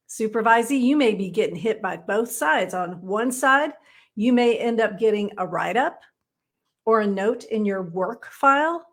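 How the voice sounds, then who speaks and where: A woman's voice: a little high, animated, a little slow. Chatty woman teaching live. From Texas. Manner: chatty, frequent "right?" tag questions; blunt, playful asides. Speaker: counseling supervisor trainer. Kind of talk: casual live-streamed teaching.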